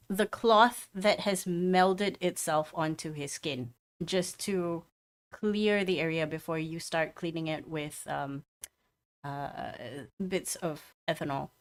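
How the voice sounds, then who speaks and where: A woman narrating as game master in a tabletop game, describing scenes in a loose, halting way. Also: lowish voice, clear, resonant tone. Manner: descriptive, with many fillers and restarts.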